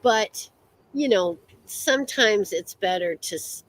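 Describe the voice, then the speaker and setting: American woman, podcast co-host, chatty and meandering, mid pitch. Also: expressive, takes it slowly, a little hiss or hum, poor audio. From United States. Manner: rambling, many fillers and restarts. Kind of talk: casual chat.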